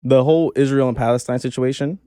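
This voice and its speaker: A man hosting a casual podcast who asks short, relaxed questions. His voice sits at a middle pitch, and it is recorded close and dry. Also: fast, smooth, dry recording. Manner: relaxed, brief questions and agreement. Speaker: podcast host.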